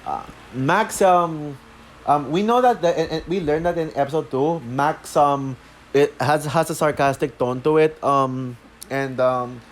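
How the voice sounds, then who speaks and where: Halting, filler-heavy young man reviewing. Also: on the high side. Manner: halting, many fillers and restarts. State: out of breath. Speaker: show reviewer. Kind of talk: unscripted review talk.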